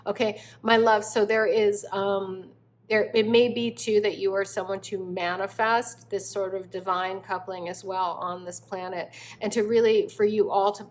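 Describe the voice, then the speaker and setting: A woman's voice: mid-range voice, fairly even intonation, normal speed. Tarot reader, woman, effusive and doting, slight background noise. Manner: effusive, affectionate, exclaiming often. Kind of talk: spiritual tarot reading.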